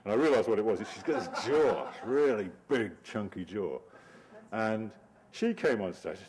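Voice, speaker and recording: A man in middle age talks his audience through slides in a loose, rambling way. His voice sits low, and he breaks into wry laughs at his own jokes. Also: lively intonation, normal speed, a little mellow, slightly rough. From Britain. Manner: wry, digressive, laughs often. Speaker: cartoonist giving a talk. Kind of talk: informal talk over slides.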